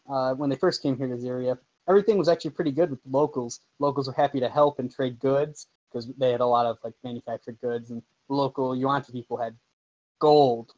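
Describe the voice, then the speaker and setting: Man, game master, loose rambling narration, ordinary pitch. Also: highs cut off. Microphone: home microphone over an online call.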